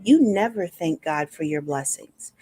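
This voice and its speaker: Earnestly telling her own story as a podcast guest, a woman motivational speaker reenacts remembered dialogue. She has a low, warm voice with lively intonation and a breathy edge, and she speaks a little slowly.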